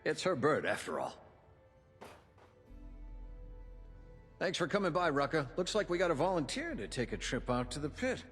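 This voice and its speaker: A man's voice: fast talker, in a large hall, faint music behind. An actor playing a weary male resistance leader in a video game, speaking in an earnest, plain way. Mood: grateful. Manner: earnest, plain-spoken, lively pitch. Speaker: game character.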